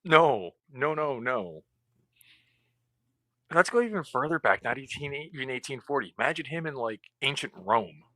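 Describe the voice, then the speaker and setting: A man's voice: medium pitch, sing-song, moderate pace, bright, forceful tone, no echo. A man co-hosting a casual reaction chat, sardonic and profane with wry asides. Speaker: co-host.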